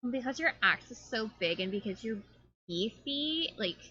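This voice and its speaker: A woman's voice: fairly high pitch, lively intonation, normal speed, bright, forceful tone, slightly rough, highs cut off, voice pushed up, heavily acted. A woman voicing a ditzy, rambling young fairy enchantress with bubbly chatter and lots of fillers, in a tabletop game.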